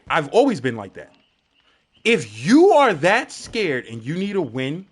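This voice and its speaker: High, lively ranting male streamer. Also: unhurried, husky. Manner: animated, ranting, profane. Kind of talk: live-stream gaming commentary.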